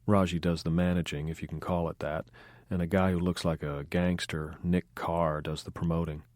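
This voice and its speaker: A man's voice: low-pitched, flat delivery, moderate pace, a little mellow, no room sound, clean studio sound, natural voice. A man reading the lines of a blunt young woman nightclub singer in an audiobook, matter-of-fact and cynical. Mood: wry. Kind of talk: audiobook dialogue.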